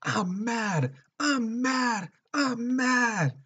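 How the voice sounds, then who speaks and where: A man's voice: a little high, fairly quick, dark tone, slightly rough. A man acting out a frantic, lost assassin. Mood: frenzied yelling. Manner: frantic, hesitant. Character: tall strong male assassin, frantic and lost.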